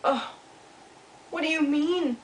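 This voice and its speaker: A woman's voice: sits high, takes it slowly, slight background noise, pitched above the performer's own voice. Eager little beaver boy, as a woman reads. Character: small lonely young male beaver, eager. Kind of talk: reading a storybook aloud. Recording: echoey room, mic far off.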